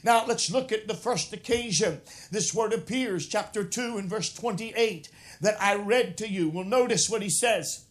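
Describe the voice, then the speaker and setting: A man's voice: sits high, measured pace. A man preaching an expository sermon, reading scripture aloud and explaining it, with frequent "uh" fillers and passages that build to emphatic, raised preaching.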